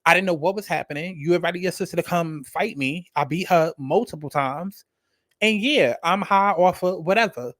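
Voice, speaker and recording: A man in a loose, animated vlog rant about reality TV, swearing freely and circling back over his points. His voice sits a little high for a man and sounds close and dry, with no room around it. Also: normal speed, no echo. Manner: animated, profane, repetitive, rambling. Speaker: reality TV reviewer. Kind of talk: casual commentary rant.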